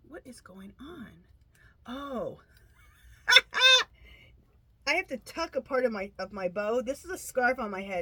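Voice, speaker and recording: A woman's voice: a little high, pushed and bright, slightly rough, no echo. Chatty woman tarot reader, stuffy nose. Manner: chatty, rambling, many restarts. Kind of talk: casual monologue to camera.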